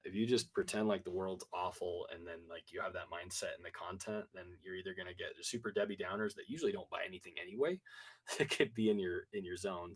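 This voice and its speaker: A man's voice: low-pitched, breathy edge. A man co-hosting a casual marketing chat over a video call, rambling with frequent restarts. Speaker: co-host.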